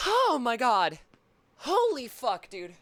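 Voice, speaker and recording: A streamer giving live gameplay commentary, excitable, swearing often and talking to chat. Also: medium pitch, slow, no room sound.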